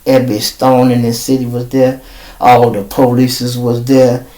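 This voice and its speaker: A man, telling a long street story in a profane, animated way and often addressing his listeners as y'all. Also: mid-range voice, measured pace, rough recording. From Chicago. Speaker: storyteller host.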